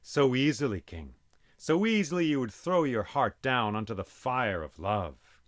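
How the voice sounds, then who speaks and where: Mysterious river goddess as a man puts her on, quiet, knowing, spoken myth, soft. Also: mid-range voice, big pitch swings, a little slow, no echo, studio quality.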